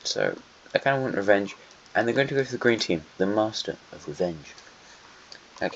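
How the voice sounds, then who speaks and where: A low-voiced man talks through a map in a loose, rambling way, correcting himself as he goes and tossing in wry asides. The sound is dull and lo-fi, missing its top end. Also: expressive, normal speed, long pauses, a little hiss or hum. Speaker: host. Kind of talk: casual map commentary.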